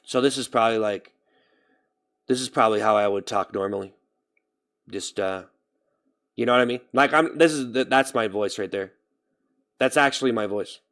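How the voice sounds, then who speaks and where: A young man chatting casually on his live stream, rambling as he thinks out loud. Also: on the low side, moderate pace, pauses often. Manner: rambling, thinks aloud about his own speaking voice. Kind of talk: casual livestream chat.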